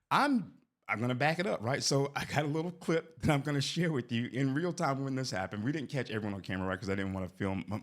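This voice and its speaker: A man in his forties tells a personal story in a loose, rambling way, checking in with "right?" every few lines. His voice sits in an ordinary middle pitch. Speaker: vlogger. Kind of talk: casual storytelling.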